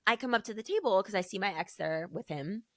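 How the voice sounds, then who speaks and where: A woman's voice: medium pitch, quick pace, no echo, studio quality. A woman co-hosting a podcast, telling a story in casual chat and acting out the voices of the people in it. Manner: animated storyteller, acts out quoted voices. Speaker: podcast co-host.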